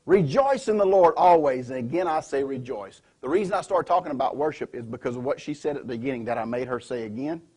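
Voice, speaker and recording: Man preaching, emphatic, quizzes the pews; husky voice. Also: mid-range voice, fast, hardly any pauses, a little mellow. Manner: emphatic, asks the congregation questions. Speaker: pastor. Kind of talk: sermon. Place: church sanctuary.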